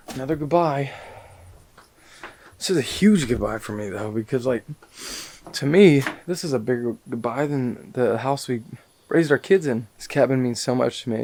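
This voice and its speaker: A man's voice: medium pitch, gravelly, darkish tone, slight background noise. A middle-aged man vlogging on his last day at his cabin, choked up and sighing as he talks to himself. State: tearful. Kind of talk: emotional personal vlog.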